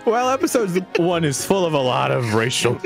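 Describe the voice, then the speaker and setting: A man's voice: on the high side, big pitch swings, fairly quick, vocal fry, faint music behind. A man co-hosting a game playthrough, teasing the others and egging them on into bits. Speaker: co-host of a game stream. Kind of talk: casual playthrough banter.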